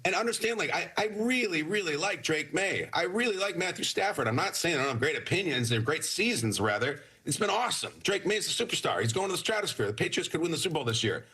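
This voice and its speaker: Brief: emphatic male sports co-host, bright forceful tone, husky edge. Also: a little high, big pitch swings, fast talker, hardly any pauses. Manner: emphatic, argues his case hard. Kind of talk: animated sports debate.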